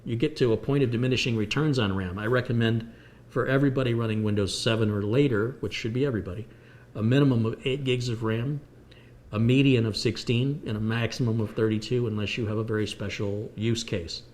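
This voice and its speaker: American man, middle-aged, repair livestream host, explains hardware through analogies, mid-pitched voice. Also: steady tone, fairly quick, darkish tone. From United States. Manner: explanatory, answers viewer questions with analogies. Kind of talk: live stream chat while repairing.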